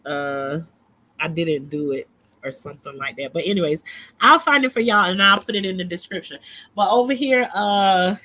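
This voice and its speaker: A middle-aged woman with a way of speaking talks to her viewers in a loose, rambling vlog. Her voice is bright and clear, and she breaks into laughter often. A faint ambient hum sits under her voice. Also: low-pitched. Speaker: vlogger. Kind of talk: casual talk to camera.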